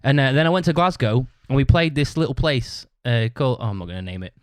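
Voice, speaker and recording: Speaking fast with lively intonation at a medium pitch, a man hosts a podcast in an echo-free recording. He rambles through a casual story, cursing nonstop and tacking "right?" onto his sentences.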